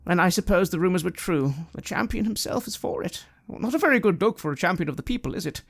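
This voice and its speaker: A game master voicing a nervous male priest who stammers and rushes his words. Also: animated, creaky. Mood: earnest. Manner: stammering, hurried, high-pitched.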